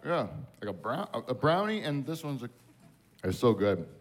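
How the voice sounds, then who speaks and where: A man's voice: mid-range voice, big pitch swings, normal speed. A man hosting a late-night show, bantering bluntly and swearing freely. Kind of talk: casual on-air banter.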